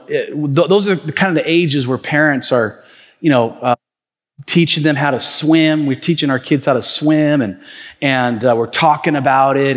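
A male pastor preaching a sermon in a reverberant church auditorium. His voice sits fairly high, and he talks in a loose, storytelling way with plenty of fillers and restarts. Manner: conversational storytelling with many fillers.

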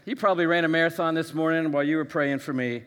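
A man's voice: a little high, quick pace, fairly bright tone, clean tone, big-room sound. A man preaching a sermon to a congregation, stacking emphatic phrases and adding playful asides to the crowd. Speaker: pastor. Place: church auditorium.

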